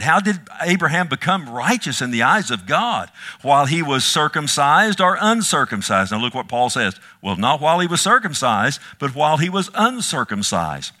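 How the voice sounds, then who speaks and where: Male pastor mid-sermon; bright, tense delivery, emphatic with rhetorical questions. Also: mid-range voice. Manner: emphatic, swings from hushed to loud, rhetorical questions to the congregation.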